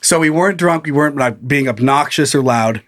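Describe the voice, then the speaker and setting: Animated man telling a story on a podcast. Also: on the high side, fairly quick. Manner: animated, laughs often, acts out quoted people. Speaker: podcast co-host. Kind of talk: casual storytelling chat.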